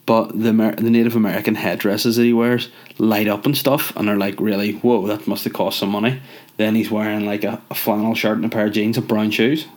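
A young man rambles through a jokey, sweary rant. His voice sits a little low and sounds stuffy from a cold. He talks loosely and casually, like he is chatting to camera. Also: level tone, a little fast, a little mellow.

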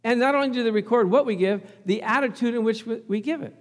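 A man's voice: very high-pitched, fast talker, big-room sound. A middle-aged male pastor preaching a sermon, telling a family story and calling out for amens. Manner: storytelling, acts out quoted voices, calls for amens.

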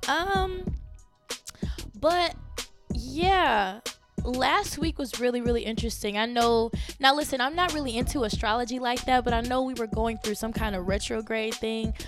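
A woman in her thirties hosting her own podcast from home, chatting casually and animatedly, laughing and jumping up high when she quotes her own thoughts. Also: moderate pace, music in the background. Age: 30s. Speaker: podcast host. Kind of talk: casual solo podcast chat.

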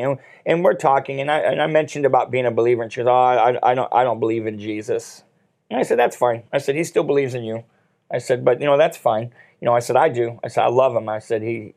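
A man's voice: medium pitch, fast talker, gravelly, darkish tone. Man, mid-range voice, faith talk co-host, earnest storytelling with restarts. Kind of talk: faith talk show conversation.

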